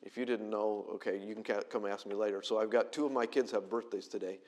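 A middle-aged man preaching a sermon in a church auditorium, conversational and animated, with self-deprecating asides. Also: on the low side, fast. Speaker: pastor.

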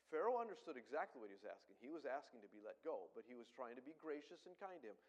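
A middle-aged man preaching a sermon, animated, swinging between loud emphasis and soft asides. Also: medium pitch, rapid-fire, rough recording. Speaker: pastor.

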